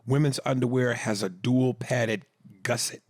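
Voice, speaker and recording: A man's voice: mid-range voice, steady tone, a little slow, no echo, clean studio sound. A man co-hosting a comedy podcast, reading listener comments aloud and throwing in jokey asides in casual chat.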